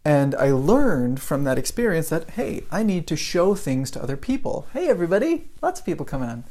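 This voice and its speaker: A man in his forties teaching English in a relaxed live stream. He talks in a chatty storytelling way and keeps checking in with listeners. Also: on the high side, brisk. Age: 40s. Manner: chatty storytelling, often asks "right?". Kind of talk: live-streamed lesson, greeting viewers.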